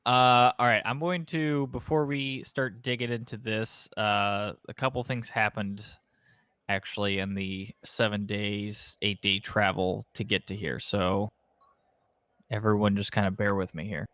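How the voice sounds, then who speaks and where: A man's voice: fairly low pitch, steady tone, a little slow, fairly bright tone, clean tone, no echo. A man running a tabletop game as game master, explaining options with many ums and restarts. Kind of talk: running a tabletop game over a live stream.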